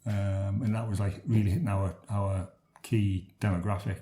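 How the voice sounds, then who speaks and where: A man answering interview questions in a low, mellow voice with a flat, even delivery. He hesitates and restarts often. The recording has a roomy echo. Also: normal speed. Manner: hesitant, full of ums and restarts. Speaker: interview guest, tour company founder.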